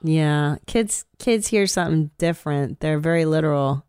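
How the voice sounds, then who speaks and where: A woman hosting a podcast, telling stories in a rambling, expressive way, swearing and laughing often. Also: low-pitched, normal speed, clear, resonant tone, dry recording, studio quality. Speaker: podcast host. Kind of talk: casual podcast chat.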